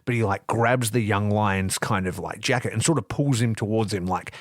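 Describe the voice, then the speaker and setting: A man with a lowish voice co-hosts a wrestling podcast, speaking at a normal pace in a clean studio recording with no room sound. His casual review chat is full of animated, profane stories where he acts out the quotes.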